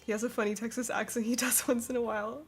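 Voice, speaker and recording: A woman's voice: fairly high pitch, flat delivery, quick pace, soft background music. A young woman streaming while she draws, chatting casually with viewers in a giggly, laughing way at a desk microphone. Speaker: streamer drawing and reading chat. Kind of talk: casual live-stream chat.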